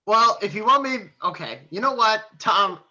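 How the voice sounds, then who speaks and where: A man with a high, sharp, very bright voice, rambling through casual podcast banter and laughing at his own jokes. He talks loosely and teasingly. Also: expressive, normal speed, highs cut off. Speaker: podcast co-host.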